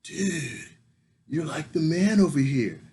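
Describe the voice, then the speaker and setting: A man's voice: a little high, animated, slow, warm tone, slight background noise, voice pushed up. A man doing an eager young coworker. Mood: excited. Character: eager young male office colleague.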